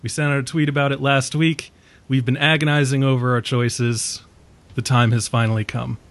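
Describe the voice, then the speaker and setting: A man's voice: mid-range voice, flat delivery, moderate pace, no room sound. A man hosting a podcast, announcing an awards show in an emphatic, profane, mock-grandiose way. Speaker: podcast host. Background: faint orchestral music.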